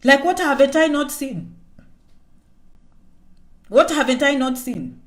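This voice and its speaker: Emphatic high-voiced woman from Kenya. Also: lively intonation, takes it slowly. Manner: emphatic, repetitive, keeps asking "okay?"; speaks of herself in the third person. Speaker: vlogger. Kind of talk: motivational live-stream chat.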